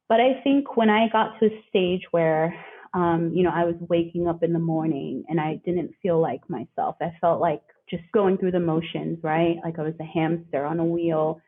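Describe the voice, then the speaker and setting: A woman's voice: lowish voice, breathy edge. A woman guest speaking earnestly and reflectively in a conversational interview, often acting out what others said. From living in Australia. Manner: reflective, earnest, quotes others in lively voices. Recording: phone-like remote call audio.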